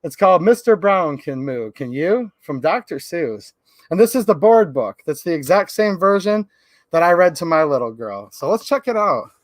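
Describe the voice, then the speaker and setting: A man's voice: on the high side, big pitch swings, normal speed, dry recording. A man hosting a livestream, talking in a fired-up, emphatic way. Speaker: livestream host. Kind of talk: casual livestream talk.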